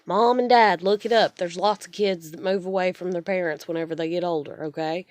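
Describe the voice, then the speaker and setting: A woman's voice: fairly low pitch, steady tone, fairly quick, no room sound. A single mother, venting in an angry rant to camera, upset and stressed and swearing repeatedly. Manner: swearing, repetitive, exasperated.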